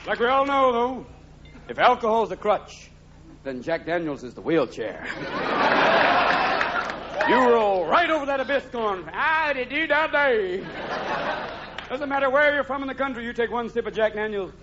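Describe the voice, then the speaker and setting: A man's voice: very high-pitched, sing-song, normal speed, pauses often, heavy background noise. A man performing live stand-up comedy on a theater stage, jumping manically between silly character voices. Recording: lo-fi live recording with loud laughing crowd.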